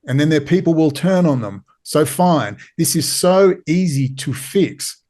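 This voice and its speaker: A man with an Australian accent pleads his case as a podcast guest. His voice sits a little high for a man. He drives each point home with urgent repetition. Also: animated, unhurried, a little mellow. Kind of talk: impassioned interview talk.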